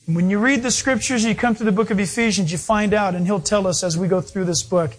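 Middle-aged male pastor, husky high voice, playful storyteller mid-sermon. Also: fairly quick. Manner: storytelling, animated, playful asides.

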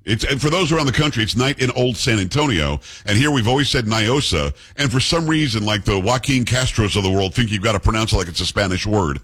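A man hosting a talk radio show, telling stories and arguing in an animated, opinionated way. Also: fairly low pitch, fast talker, few pauses, husky. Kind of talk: casual talk radio banter.

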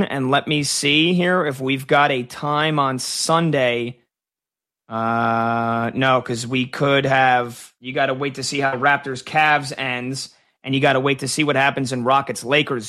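A man co-hosting a live sports talk show, breaking game news with excitement and thinking aloud in restarts. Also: mid-range voice.

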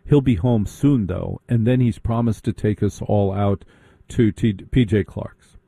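A man telling a sarcastic, animated comic story in a stand-up style. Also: lowish voice, a little slow, gravelly, husky, no room sound, clean studio sound. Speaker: comedic storyteller.

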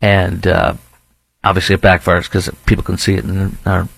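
A man's voice: low voice, completely flat delivery, normal speed, gravelly, a bit bright, husky, no echo. A man with a Texan accent hosting a talk show, rambling through casual commentary with frequent restarts and fillers. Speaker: show host.

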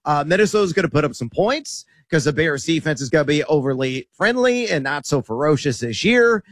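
A man breaking down fantasy football picks on the radio, sure of himself and cracking jokes. His voice sits a little high, and the sound is close and dry. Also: big pitch swings, a little fast, no echo. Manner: confident, wisecracking. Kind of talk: sports radio analysis.

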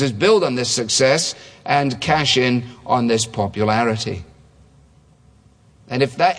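A man preaching a sermon in a conversational way, full of rhetorical questions and small restarts. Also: mid-range voice. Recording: long hall reverb.

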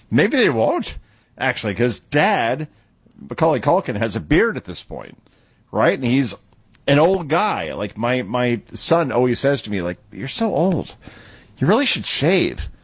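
A man's voice: mid-range voice, very animated, measured pace, breathy edge, no room sound. A middle-aged man hosting a radio talk show in a chatty, conversational way with plenty of asides.

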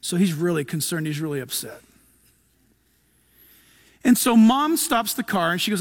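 A man with a high, light voice preaches to his congregation. He swings from loud, urgent appeals down to hushed, almost whispered asides. He acts out quick quoted lines as he tells his stories. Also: big pitch swings. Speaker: pastor. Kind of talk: sermon.

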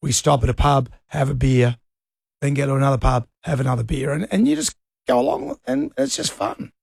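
A man's voice: mid-range voice, lively intonation, a little fast, vocal fry, breathy edge, no room sound, clean studio sound. A middle-aged Australian man hosting a radio show, telling a rambling story in casual chat. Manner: rambling anecdotes with laughs. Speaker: radio host.

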